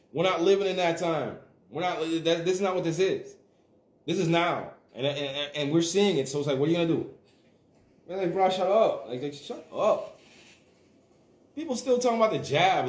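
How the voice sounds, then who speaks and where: A man's voice: fairly high pitch, echoey room. A man hosting a livestream, ranting in a casual, profane and emphatic way. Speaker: livestream host.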